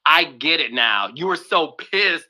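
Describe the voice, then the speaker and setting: Sassy man with a bright, sharp voice. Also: fairly high pitch, animated, a little slow, a little hiss or hum, rough recording. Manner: playful, sassy, coaxing. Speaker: podcast host and producer. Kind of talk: casual podcast conversation.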